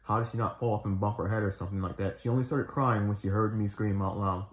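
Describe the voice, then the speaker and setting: Lowish-voiced man telling a personal testimony. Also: fairly even intonation, fast talker. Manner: rambling, restarts and fillers, earnest retelling. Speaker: Christian storyteller. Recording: echoey room, slightly dull sound.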